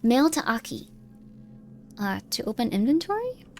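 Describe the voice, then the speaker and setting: A woman's voice: on the high side, big pitch swings, normal speed, soft background music. Chatty woman streaming a game. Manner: chatty, rambling, reads game text aloud. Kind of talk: live gameplay commentary.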